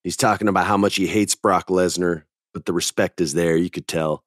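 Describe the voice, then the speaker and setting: A middle-aged man hosting a podcast, chatting casually and telling stories with animated emphasis. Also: sits low, a little fast, few pauses, dry recording, studio quality. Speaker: podcast host. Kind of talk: casual chat.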